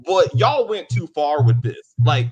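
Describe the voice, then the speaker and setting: Animated joking man reviewing a show. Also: a little high, a little slow, husky. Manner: animated, joking, breaks into mocking impressions. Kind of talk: casual spoiler review chat. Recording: muffled lo-fi sound with faint music.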